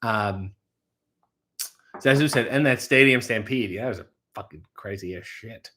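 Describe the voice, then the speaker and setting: Casual streamer, male, reads chat with cursing asides; bright, forceful tone. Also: fairly low pitch, a little hiss or hum. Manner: swearing, quick asides, reads comments aloud. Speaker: livestream host reading chat. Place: home kitchen.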